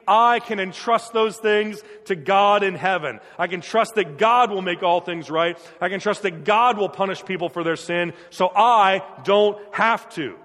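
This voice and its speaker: Guy preaching a sermon, pretty high voice, earnest and emphatic, big echoey hall. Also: a bit bright. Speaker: pastor.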